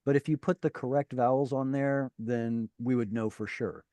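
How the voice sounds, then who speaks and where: Guy teaching a class on a video call, mellow low voice, dry sound, lots of ums and restarts. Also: steady tone, no echo. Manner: explanatory, halting with fillers and restarts. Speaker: Hebrew teacher.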